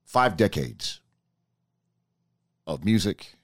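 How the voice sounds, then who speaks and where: A man's voice: low-pitched, sing-song, very slow, fairly bright tone. A man hosting a casual radio talk show, telling stories and bantering playfully. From American South.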